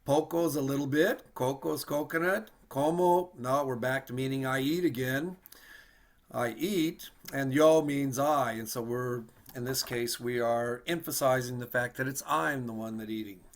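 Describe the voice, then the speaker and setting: A man teaching an online language lesson in a relaxed, patient way, slowly sounding out words and repeating them for learners. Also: mid-range voice. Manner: patient, slow demonstration of words, easygoing asides. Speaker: Spanish teacher.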